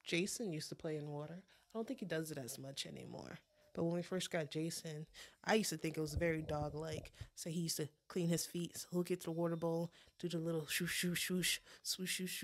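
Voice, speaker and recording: Woman co-host, kinda low voice, chatty pet podcast talk, lots of ums and restarts. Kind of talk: casual chat.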